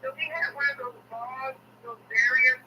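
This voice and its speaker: A woman's voice: sits high, moderate pace, far from the mic, very noisy. A woman as an interview guest, recounting a personal experience emphatically, repeating phrases and using many fillers.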